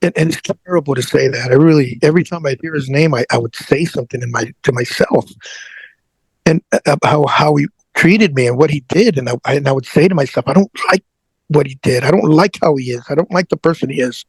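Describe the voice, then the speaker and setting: A man's voice: a little high, fairly quick, husky, no room sound. A man who is a guest on an interview show, telling a personal story earnestly and often repeating his words.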